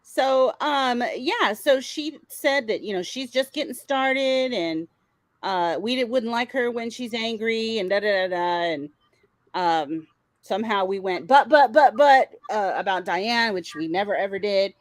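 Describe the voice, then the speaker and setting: A woman's voice: mid-range voice, unhurried, no room sound, low-quality recording. A woman hosting a casual commentary show, talking in a blunt, sarcastic way and swearing freely. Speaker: commentary channel host.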